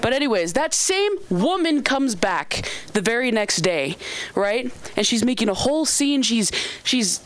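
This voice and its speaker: A young woman comedian telling an animated stand-up story into a handheld mic on a comedy club stage, laughing often. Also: a little high, moderate pace, few pauses.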